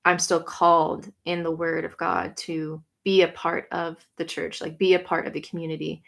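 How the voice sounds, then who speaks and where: A woman's voice: low voice, creaky. Chatty young woman on a livestream. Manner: chatty, lots of "like", quick bright greetings. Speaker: YouTuber answering livestream comments. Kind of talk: casual livestream chat. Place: home room.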